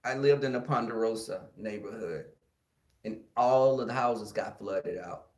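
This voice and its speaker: A man from Houston with a Texan accent, telling a childhood story in an animated, casual way to his listeners. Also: on the low side, a little slow. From Houston, Texas. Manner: animated, addresses listeners as y'all, acts out the scenes. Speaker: podcast host. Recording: echoey room.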